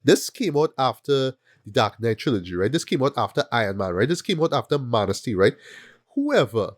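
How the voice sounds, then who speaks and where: A man's voice: mid-range voice, fairly quick, dry recording, clean studio sound. A man hosting a casual film review chat, talking animatedly and often stopping to ask "right?". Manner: animated, repeats words and asks "right?" often. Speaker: film review podcast host.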